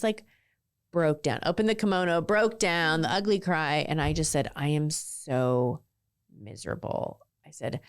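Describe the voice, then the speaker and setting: A woman in her forties with a low voice tells her story candidly in a casual interview. She speaks frankly and sprinkles "like" through her sentences. The recording is dry and close. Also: clear, resonant tone, dry recording. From southern California. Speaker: guest, ice cream entrepreneur.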